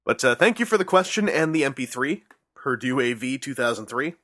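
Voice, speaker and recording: Male podcast host, bright and eager, rambling casual chat, dry close sound. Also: mid-range voice, lively intonation, fairly quick, no echo. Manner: enthusiastic, rambling with fillers.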